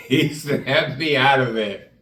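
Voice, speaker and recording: A man's voice: medium pitch, slow pace, distant mic. Storytelling man in an echoey room. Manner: animated, acts out the people in his story; trails off and restarts. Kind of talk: personal storytelling.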